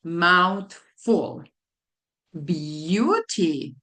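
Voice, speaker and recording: Woman teacher, very slow, lively up-and-down pitch, repeats words for young kids, phonics lesson. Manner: slow, deliberate, spelling out letters and repeating words. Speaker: literacy tutor.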